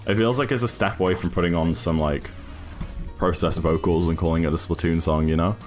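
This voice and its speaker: A man's voice: low voice, fairly even intonation, fairly quick, faint music behind. A British man chatting casually with his live-stream chat while speedrunning a game. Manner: chatty, apologetic, reads chat aloud.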